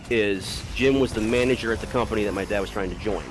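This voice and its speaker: A man's voice: fairly low pitch, quick pace, few pauses, music in the background. A man casually telling a long story to friends, rambling, swearing freely and often breaking into laughter.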